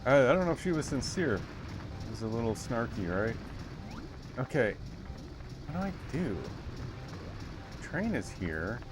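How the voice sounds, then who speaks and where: A man's voice: mid-range voice, big pitch swings, a little slow, pauses often, background noise. A man streaming a game, thinking aloud in casual, mumbled, unsure commentary as he plays. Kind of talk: casual commentary while playing.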